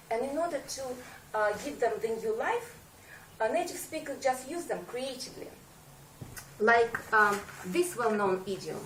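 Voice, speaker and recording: A woman's voice: fairly high pitch, slight background noise. A woman, an English speaker, giving a prepared talk to a speaking club, hesitant with many fillers and a wry, self-mocking humor. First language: Russian. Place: meeting room. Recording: echoey room, mic far off, faint ambience.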